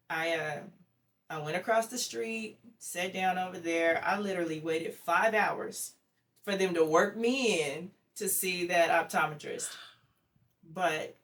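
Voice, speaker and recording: Brief: woman guest, lively storyteller, slightly low voice, heard from a little distance. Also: slow pace. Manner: lively storyteller who acts out quoted dialogue. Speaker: interview guest. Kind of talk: casual personal storytelling. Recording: distant mic with faint background noise.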